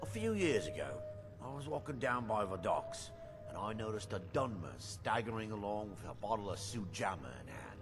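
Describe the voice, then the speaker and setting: An actor playing a gruff male innkeeper in a game, telling a tall tale with animated delivery. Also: lowish voice, normal speed, music in the background. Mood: warning. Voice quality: animated storyteller. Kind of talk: game dialogue.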